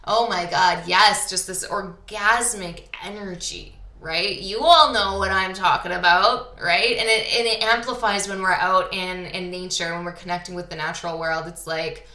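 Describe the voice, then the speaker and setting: A woman's voice: on the low side, steady tone, normal speed, few pauses, bright, forceful tone, reverberant. A woman from Canada hosting a podcast, talking casually and enthusiastically about spiritual topics with lots of fillers. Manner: enthusiastic, chatty, uses many fillers. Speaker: podcast host.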